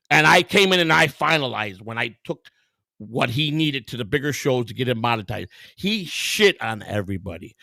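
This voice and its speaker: A man's voice: a little high, vocal fry, pushed and bright, no echo. A man hosting a livestream, telling a heated, profane story full of quoted dialogue. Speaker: host.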